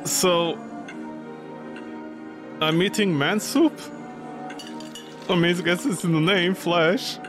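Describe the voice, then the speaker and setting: A man streaming a horror game, excitable and joking as he yelps at what happens on screen. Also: high-pitched, slow, long pauses. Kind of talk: let's play commentary. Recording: game music playing behind voice.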